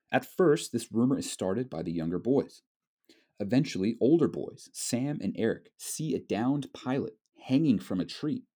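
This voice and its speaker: A man lecturing on a novel in a measured, explanatory way, with frequent fillers. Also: on the low side, dark tone. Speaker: literature lecturer. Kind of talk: recorded lecture.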